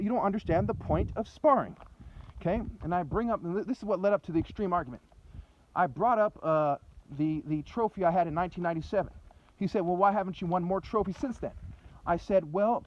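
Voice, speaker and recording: A high-voiced man talks fast and intensely as he walks, going back over a heated argument and circling through the same points again and again. The recording is dull and lo-fi, with a faint hiss of noise underneath. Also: a little mellow. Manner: agitated, repetitive, fast and intense. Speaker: vlogger. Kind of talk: rambling recounting of an argument.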